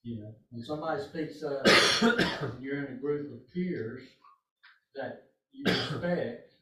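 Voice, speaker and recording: A man's voice: medium pitch, slow pace, a crowd in the background. A man in a study group speaking reflectively and conversationally. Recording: distant, echoey room.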